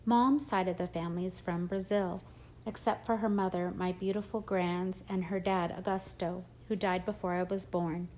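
A woman reading a first-person audiobook in a steady, plain storytelling manner. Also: fairly low pitch, moderate pace. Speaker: audiobook narrator.

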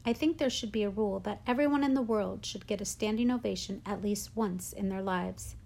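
A woman hosting a read-aloud, narrating a novel with clear, expressive storytelling. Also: medium pitch, moderate pace.

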